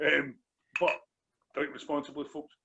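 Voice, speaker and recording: Gravelly bright Glaswegian man, lo-fi. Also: on the high side, monotone, measured pace, slight background noise. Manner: rambling, repeats phrases, says "do you know what I mean". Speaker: podcast co-host. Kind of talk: casual beer review chat. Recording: dull lo-fi sound.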